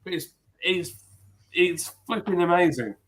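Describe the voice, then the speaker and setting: A man's voice: sits high, a little slow. A man hosting a casual live stream chat over beers, laughing easily and mimicking people in his stories.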